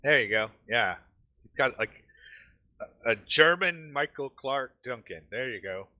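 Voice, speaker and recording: A man running a tabletop game as game master, explaining the scene in a relaxed, rambling way. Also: mid-range voice, measured pace, lo-fi sound. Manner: relaxed, explanatory, many fillers. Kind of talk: casual tabletop narration.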